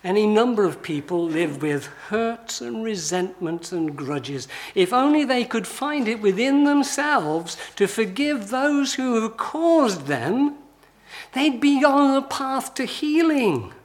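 A man's voice: very high voice, big pitch swings, slow. A man preaching a sermon in a conversational style, full of rhetorical questions and emphatic lists.

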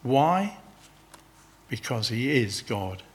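Slow, earnest male preacher. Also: medium pitch, big pitch swings, breathy edge. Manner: earnest, urgent questioning of listeners. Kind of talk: sermon.

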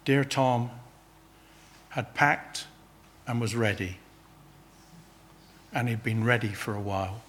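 A man's voice: medium pitch, takes it slowly, long pauses, a bit bright, slightly rough. A man preaching a sermon, earnestly pressing his listeners with urgent questions.

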